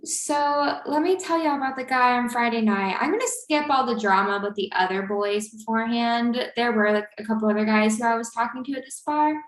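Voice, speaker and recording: A woman's voice: a little high, fairly quick, few pauses. A woman in her twenties, co-hosting a podcast and telling a dating story in a chatty way, full of "like.". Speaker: podcast co-host. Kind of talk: casual chat. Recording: roomy echo.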